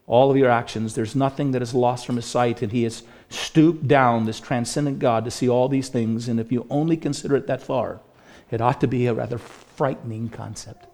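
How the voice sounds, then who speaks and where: A male pastor delivering a radio sermon, earnest, swinging between loud emphatic stretches and hushed, grave ones. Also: mid-range voice, steady tone, a little fast.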